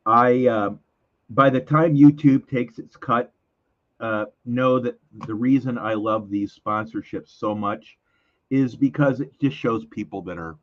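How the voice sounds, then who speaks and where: A man with a lowish voice hosts a weekly live community stream, talking in a rambling, casual way full of fillers and self-corrections. The recording lacks high frequencies.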